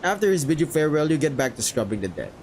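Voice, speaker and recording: A man streaming a story game, narrating it casually with quick asides. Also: on the high side, sing-song, darkish tone, slight background noise, low-quality recording. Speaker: streamer reading a game aloud.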